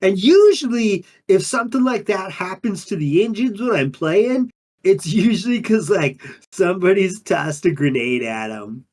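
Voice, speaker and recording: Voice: medium pitch, expressive, moderate pace, darkish tone, natural voice. A performer playing a laid-back undine monk who talks in drawling surfer slang, in an improvised in-character interview. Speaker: player character.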